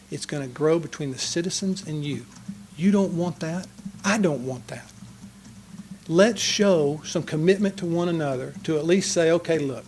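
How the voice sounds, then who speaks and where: A man with a drawl speaks at a council meeting podium with earnest, passionate conviction. His voice sits high for a man. He pleads rather than lectures, addressing the room directly. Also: a little mellow, a little hiss or hum. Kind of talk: public comment speech. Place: council chamber.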